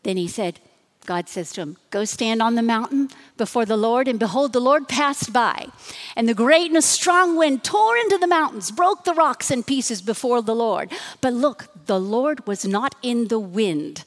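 Woman pastor, fairly high voice, dramatic sermon delivery, long hall reverb. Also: expressive, a little slow. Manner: dramatic, drops to soft hushed tones and rises to emphatic bursts.

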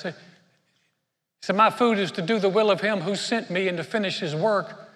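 A man's voice: sits high, moderate pace, pauses often, a bit bright, big-room sound. A man preaching a sermon, telling a story in a conversational way with frequent restarts and repeated words. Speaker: pastor.

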